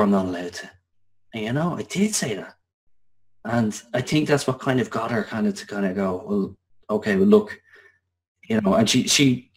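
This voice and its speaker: An Irish man in his thirties, a guest telling a personal story with many restarts. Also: medium pitch. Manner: halting, many restarts and fillers. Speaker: interview guest.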